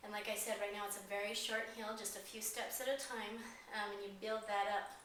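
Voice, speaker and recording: A woman dog trainer explaining a training routine step by step in a calm instructional demonstration, pausing with frequent fillers. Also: medium pitch. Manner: explains steps calmly, with frequent "um"s. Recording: very echoey, distant mic, faint noise.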